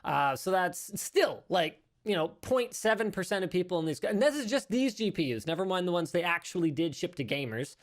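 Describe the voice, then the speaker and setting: Guy hosting a tech podcast, rambly and animated, keeps fixing what he just said. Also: high voice, brisk, hardly any pauses. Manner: animated, rambling, self-correcting. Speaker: podcast host. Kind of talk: casual tech news chat. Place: studio.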